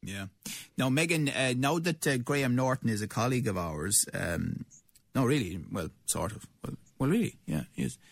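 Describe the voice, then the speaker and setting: A man's voice: medium pitch, animated, normal speed, creaky, dry recording. Chatty Cork Irish man, radio host. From Ireland. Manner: joking, chatty, rambling. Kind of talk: casual radio chat.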